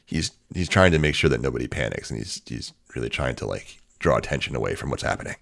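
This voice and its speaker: A man narrating a tabletop role-playing game as game master, in a relaxed, casual way. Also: rumbling low, quick pace, vocal fry.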